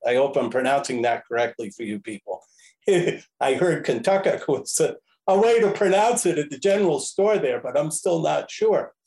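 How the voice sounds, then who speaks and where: A man, a podcast guest, telling a casual story in a rambling, animated way, often correcting himself. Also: on the high side, moderate pace, poor audio. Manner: animated, rambling, self-correcting with frequent chuckles. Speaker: podcast guest, railroad history enthusiast.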